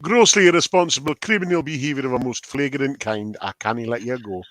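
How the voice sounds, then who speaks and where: A man's voice: mid-range voice, fairly quick, a bit bright, no echo, close to an everyday voice. A man putting on a Scottish accent to play a stern man delivering a rebuke. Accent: put-on Scottish.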